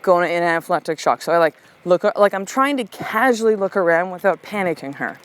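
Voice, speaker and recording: A middle-aged woman, a podcast host and coach, telling a personal story in a candid, animated way that turns soft and slow for calm affirmations. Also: lowish voice, rough recording.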